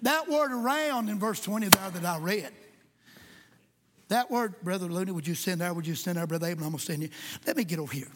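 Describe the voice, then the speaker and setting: A man preaching a sermon. He is impassioned, jokes at times and rises to shouts in a church. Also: high voice, a little fast. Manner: impassioned, shouting at peaks, joking asides. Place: church sanctuary with congregation. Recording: echoey church hall.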